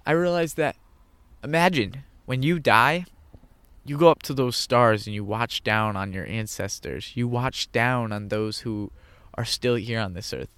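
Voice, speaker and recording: A man's voice: medium pitch, a little slow, fairly bright tone, clean tone, no room sound. A man telling a personal story in an earnest way, repeating phrases for emphasis. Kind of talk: personal monologue.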